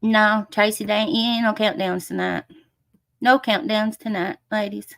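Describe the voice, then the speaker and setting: A woman running a casual livestream chats through comments, uses pet names for viewers, and bursts into rants full of swearing. Her mid-range, fairly bright voice is steady and a little slow. The recording is studio quality with no echo.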